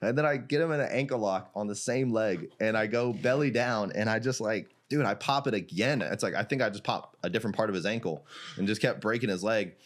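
A man from Iraq, a jiu-jitsu gym owner, telling a story as a podcast guest in casual, animated talk, laughing often and leaning on "like" and swearing. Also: fairly low pitch, brisk.

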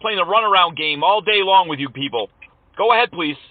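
A man's voice: high-pitched, expressive, brisk, no room sound, recorded from a distance. A man making a prank phone call, complaining with mock indignation and needling the person on the line. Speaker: prank caller trolling scammers.

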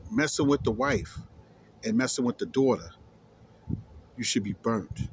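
A man's voice: mid-range voice, a little hiss or hum. A man reading scripture aloud and explaining it emphatically, repeating key words and challenging his listeners. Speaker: scripture teacher.

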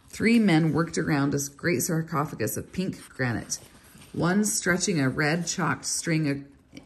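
A woman reading a novel aloud in a steady, even storytelling manner. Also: low voice, breathy edge. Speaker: reader.

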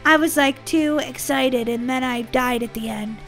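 A woman's voice: high voice, moderate pace, creaky, over loud music. A woman hosting a gaming channel, giving bubbly, giggly, silly let's-play commentary.

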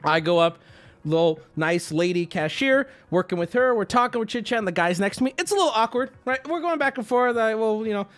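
A male streamer telling a story to his chat in a casual, animated way, laughing, swearing and acting out voices as he goes. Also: sits high, fairly quick.

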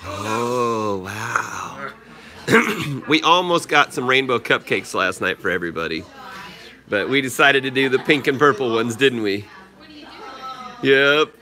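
A man in his thirties hosting a family livestream from home, talking to his young daughter and viewers in an exclamatory, sing-song way with frequent high leaps. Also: sharp tone. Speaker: vlogger dad hosting a livestream. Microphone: phone camera.

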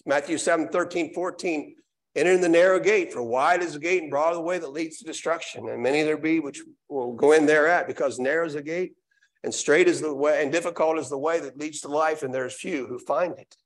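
A man with a fairly high voice preaches briskly in a church sanctuary, reading scripture aloud during the live sermon and following it with emphatic repetition.

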